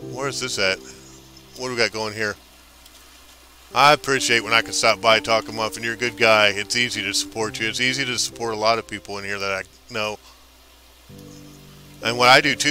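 Bright, hyped male game streamer. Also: medium pitch, fairly even intonation, a little fast, pauses often, soft background music. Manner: chatty, hyped, talks back to viewers. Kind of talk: casual live game-stream chat.

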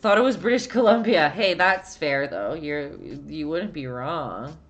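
Low-voiced chatty Canadian woman. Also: expressive, unhurried. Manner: chatty, answers viewer chat, laughs often. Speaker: painting instructor. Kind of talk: casual live-stream painting lesson.

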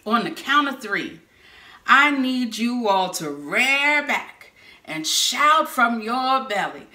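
A woman preaching a sermon, telling stories with lively bursts of shouting. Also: on the high side, slow pace. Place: church sanctuary or hall. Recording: echoey room.

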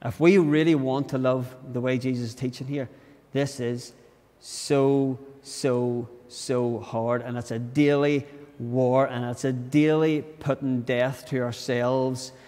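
A man's voice: mid-range voice, steady tone, unhurried, a little mellow. A man with a Northern Irish accent preaching a conversational sermon in a church, earnest, often restarting his words. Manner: earnest, restarts words, acts out inner grumbles. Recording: long church reverb.

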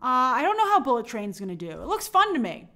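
A woman's voice: sits high, huge pitch swings, fast talker, pushed and bright. A young woman hosting a movie live stream, chatting upbeat and reading out viewer comments.

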